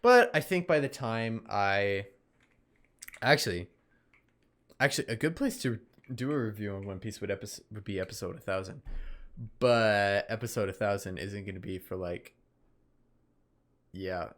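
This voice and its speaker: A man's voice: lowish voice, expressive, moderate pace, long pauses, fairly bright tone. A young man talks through a casual solo podcast review in a loose, meandering way, often stopping to correct himself. He sounds tired and keeps yawning between points. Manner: rambling, self-correcting, easily distracted, yawning. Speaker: podcast host reviewing anime.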